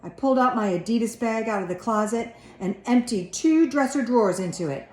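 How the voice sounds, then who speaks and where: A woman reading a children's storybook aloud with expressive narration. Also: fairly high pitch, a little fast. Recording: echoey room.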